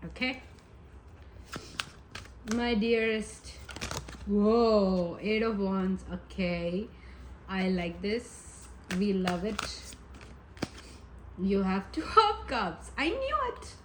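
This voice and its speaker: A woman's voice: mid-range voice, drawn-out words, pauses often, a little hiss or hum, poor audio. A woman giving a casual pick-a-pile tarot reading, chatty and giggly, rambling with many asides. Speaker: tarot reader.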